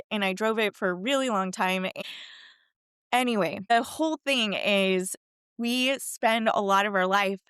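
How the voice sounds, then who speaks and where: A middle-aged fitness and wellness coach tells a personal story in a casual interview, chatty and animated, acting out the voices of the people she quotes. Her mid-range voice is smooth, and the recording is studio quality with no echo.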